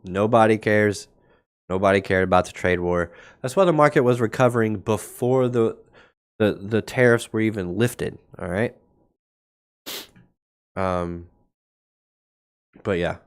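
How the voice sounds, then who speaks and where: Male livestream market host, lowish voice, sarcastic and blunt, thinking aloud, slight cough. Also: a little slow, long pauses, smooth. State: coughing now and then. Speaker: crypto market show host. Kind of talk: casual livestream market commentary.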